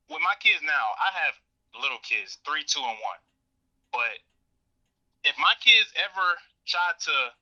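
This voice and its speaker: A young man, a podcast guest, telling a personal story casually, acting out what people said. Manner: animated, acts out quoted dialogue with rising pitch. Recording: dull lo-fi audio.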